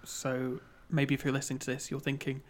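A man's voice: medium pitch, monotone, fairly quick. A man co-hosting a casual podcast, bantering and teasing. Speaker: podcast co-host.

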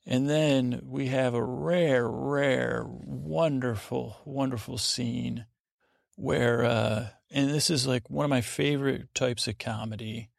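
A man hosting a sleep podcast, slowly retelling a story in a meandering way with many restarts and asides. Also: mid-range voice, steady tone, creaky, no room sound, clean studio sound. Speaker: podcast host. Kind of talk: rambling bedtime retelling.

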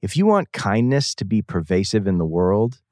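A man with a Boston accent, a musician guest on a podcast, talking in an animated, rambling and earnest way. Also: on the low side, moderate pace, no room sound, studio quality. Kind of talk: casual podcast chat.

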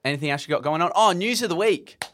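A man's voice: high voice, fast talker, a little hiss or hum. A man hosting a podcast, chatting casually and joking around. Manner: lively, joking, drops into impressions. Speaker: podcast host. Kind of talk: casual chat.

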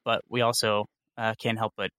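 A man talks casually as a podcast co-host, his tone bright and forward. He tells animated stories and laughs easily. The sound is dry and close. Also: fairly low pitch, normal speed, clean tone, no echo. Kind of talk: casual chat.

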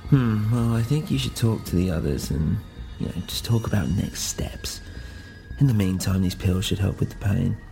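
A man's voice: deep voice, moderate pace, gravelly, warm tone, faint music behind. A man voicing a hospital doctor who speaks hesitantly and apologetically. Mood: apologetic. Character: male hospital doctor giving bad news.

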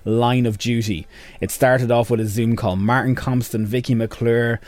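A man's voice: mid-range voice, steady tone, a little mellow, no echo. A man co-hosting a radio show, telling stories in a loose, rambling way full of asides. His voice sits in a middle range for a man. The sound is close and dry, as in a studio. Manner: chatty, rambling storyteller with quick asides. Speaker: radio co-host recapping entertainment news. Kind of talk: casual radio chat.

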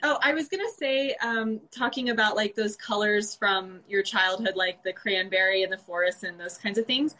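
A woman who works as an architect and designer, talking casually with fillers and a relaxed, chatty manner. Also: mid-range voice, poor audio. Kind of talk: casual conversation.

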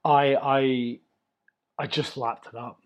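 A man's voice: mid-range voice, fairly even intonation, slow pace, smooth, lo-fi sound. An Australian man in his thirties, a chef, chatting in a casual interview and telling stories from his career with open enthusiasm. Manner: enthusiastic, loose storytelling. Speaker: chef, guest.

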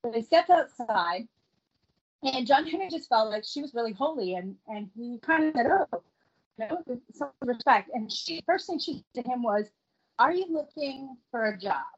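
A middle-aged woman with a slightly high, breathy voice tells a long family anecdote in a loose, conversational way. She acts out each quoted voice as she goes. The recording sounds dull and lo-fi. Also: moderate pace. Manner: animated, acts out the quoted voices, laughs between lines. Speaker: guest telling her family story. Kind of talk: casual anecdotal storytelling.

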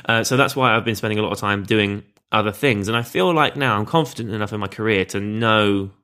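A man's voice: lowish voice, fairly quick, bright, forceful tone, smooth. A man being interviewed in a studio, talking candidly and chattily, now and then poking fun at himself. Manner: candid, chatty, self-deprecating, with laughs. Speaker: guest. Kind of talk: casual interview chat. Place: studio across a table.

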